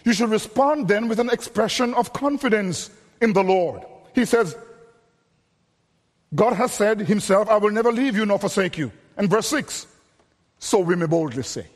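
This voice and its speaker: High-voiced male preacher in a reverberant hall. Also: animated. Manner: deliberate, repeats key phrases, drops low and quiet for emphasis. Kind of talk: sermon.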